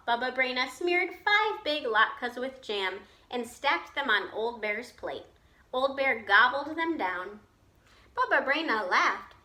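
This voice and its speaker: A woman teacher reading a children's picture book aloud, slowly and expressively, pausing to explain to her listeners. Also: high-pitched. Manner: slow, expressive storytelling with asides to listeners.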